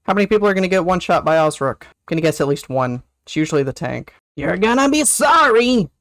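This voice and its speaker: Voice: mid-range voice, quick pace, no room sound, clean studio sound. A livestream host chatting casually over online gameplay, teasing teammates, humming to themself and whooping at good moments. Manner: chatty, teasing, hums and sings to self, excited whoops.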